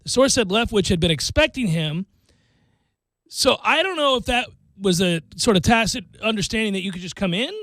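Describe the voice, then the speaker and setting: High-voiced animated radio host man. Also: moderate pace, dry recording. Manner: animated, acts out quotes in bursts. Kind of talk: casual talk radio banter. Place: radio studio.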